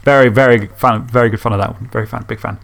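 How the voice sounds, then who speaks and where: A man's voice: mid-range voice, steady tone, fast, creaky. A man hosting a podcast, reading fan stories and chatting enthusiastically, swearing casually. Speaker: podcast host.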